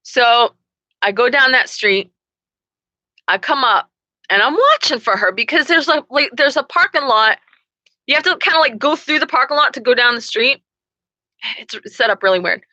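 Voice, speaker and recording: A young adult woman telling a story to camera in a profane, animated way. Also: high-pitched, normal speed, pauses often, no echo, highs cut off. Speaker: vlogger. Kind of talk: casual storytelling.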